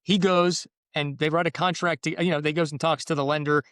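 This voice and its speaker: A mortgage professional explains home deals in a casual podcast chat, rambling, restarting sentences and acting out quotes from buyers and sellers. His voice is fairly high with fairly even intonation, a little fast, slightly bright, clear and resonant. The studio sound is clean with no echo.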